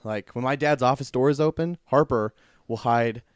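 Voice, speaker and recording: A young man hosts a laid-back podcast from a home studio, rambling easily from one thing to the next. His voice is smooth and clear. The sound is dry and close. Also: medium pitch, moderate pace, dry recording. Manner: easygoing, rambling, laughs often. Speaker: podcast host. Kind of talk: casual chat.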